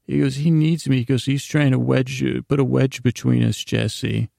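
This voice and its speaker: Man, flat even delivery, dry close sound, casual recap, loose storytelling. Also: mid-range voice, moderate pace, gravelly, no room sound. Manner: loose storytelling, many "he goes" and "like" asides. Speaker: podcast host.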